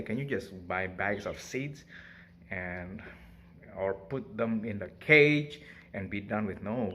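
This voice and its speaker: Chatty man with a bright voice. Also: fairly low pitch. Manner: chatty, laughs often, coos at his bird. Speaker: pet bird owner vlogger. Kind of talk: casual talk to camera.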